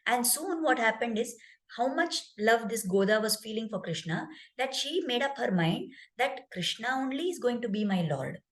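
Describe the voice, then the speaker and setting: A woman's voice: a little high, expressive, moderate pace, fairly bright tone, poor audio. A woman spiritual teacher narrating a devotional story in an explanatory way, with rhetorical asides to listeners.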